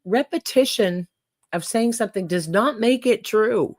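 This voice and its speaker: A woman's voice: mid-range voice, measured pace, darkish tone, no echo, clean studio sound. Folksy older woman chatting to her stream. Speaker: livestream host. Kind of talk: casual livestream chat.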